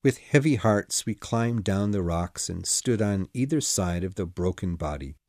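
Casting: male audiobook narrator, lowish voice, slow and very animated, dry close sound. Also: no room sound. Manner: dramatic, measured storytelling. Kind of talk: scripted narration.

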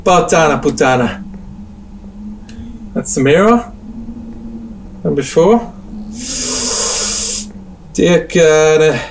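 A man's voice: on the high side, expressive, extremely slow, long pauses, distant mic, a little hiss or hum. Scared young man swearing through a horror game. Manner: frightened, swearing, exclaiming. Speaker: gaming streamer. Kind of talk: casual gameplay commentary.

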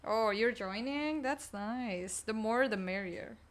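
A woman game streamer chats casually with her teammates, her voice fairly high. She talks low and weak, as if saving her energy, and takes her time between words. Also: slow. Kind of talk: casual live-stream chat while gaming.

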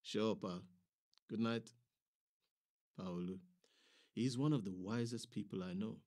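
A man's voice: lowish voice, a little mellow. A man performing a dramatic monologue as a nurse, telling a story vividly and switching between voices.

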